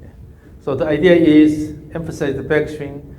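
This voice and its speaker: A man coaching a golf swing, giving calm, repetitive cues and humming through counts. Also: a little high, unhurried, a little hiss or hum. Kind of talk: live coaching session. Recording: echoey room with faint ambience.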